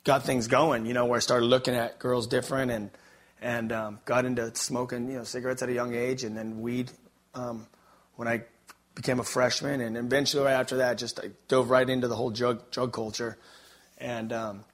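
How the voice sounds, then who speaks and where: Speaking at a moderate pace with a level tone and mid-range voice, this Los Angeles man shares his personal story before an audience. It comes out candid and meandering, full of fillers and false starts.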